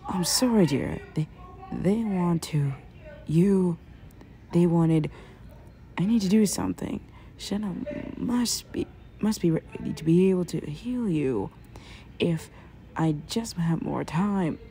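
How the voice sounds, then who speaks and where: A woman voicing an elderly grandfather scientist in a fan audio drama, who talks in halting, hushed, stammering phrases. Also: lowish voice, lively intonation. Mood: worried.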